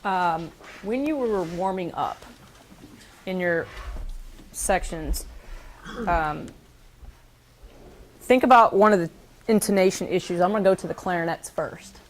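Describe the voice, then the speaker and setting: Woman, band teacher, brisk directions, classroom lesson, faint background noise. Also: on the low side, expressive. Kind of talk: classroom instruction. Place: school band room.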